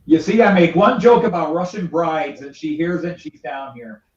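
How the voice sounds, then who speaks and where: A man's voice: fairly high pitch, animated, moderate pace, darkish tone. A man joking and teasing his wife in a casual chat. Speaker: regular guest, YouTuber. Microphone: video call. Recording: muffled, roomy distant mic.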